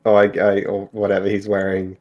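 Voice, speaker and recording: A man playing a tabletop game, laid-back and halting, repeating words as he goes. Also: fairly low pitch, completely flat delivery, a little mellow, muffled recording. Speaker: player.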